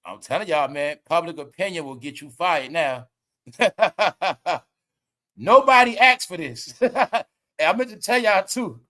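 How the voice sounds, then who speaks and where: Man, high voice, bright tone, casual commentary, slangy, laughs a lot. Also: normal speed. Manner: laughs often, slangy, profane, animated storytelling. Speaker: commentary livestream host.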